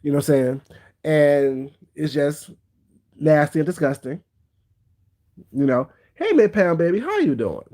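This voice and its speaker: A man's voice: on the high side, very animated, measured pace, long pauses, warm tone. A man hosting a casual livestream, giving blunt, gossipy commentary and greeting viewers by name. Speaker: livestream host.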